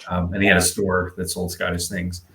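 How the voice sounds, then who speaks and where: A man's voice: low-pitched, monotone, a little fast, a bit bright, echoey room, slight background noise. A man co-hosting a podcast in meandering, chatty conversation, full of fillers. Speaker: podcast co-host. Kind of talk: casual podcast chat.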